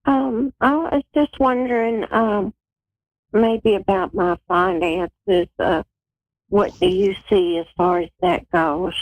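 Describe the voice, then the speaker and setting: A woman with a Southern accent calling in to a psychic show, soft-spoken and hesitant. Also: mid-range voice, fairly even intonation, slow, no echo, phone-quality sound. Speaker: caller.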